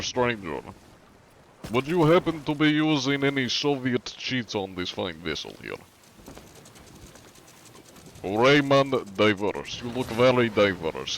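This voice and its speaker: A man's voice: medium pitch, a little hiss or hum, natural voice, rough recording. A man putting on a thick, stereotypical Russian accent, voicing a big sweaty KGB interrogator during an in-game role-play on a live stream. He drops articles as he talks.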